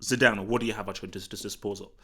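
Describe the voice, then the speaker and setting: A man from Nigeria hosting a live football talk stream, chatting casually and answering the chat in an excitable, rambling way full of restarts. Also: fairly low pitch, fast talker, breathy edge. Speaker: football talk show host. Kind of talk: casual livestream commentary, reading the chat.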